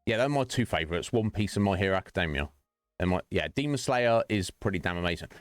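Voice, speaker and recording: A man's voice: deep voice, animated, quick pace, no echo, studio quality. A man streaming and chatting casually with his viewers, rambling, joking and laughing often.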